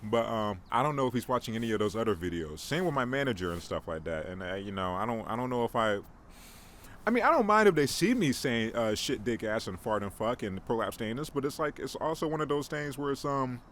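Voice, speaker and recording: Talking fast in a mid-range, fairly bright voice with lively intonation, a young man hosts a casual solo podcast. He rambles and jokes self-mockingly, frequently restarting his lines, over faint background noise.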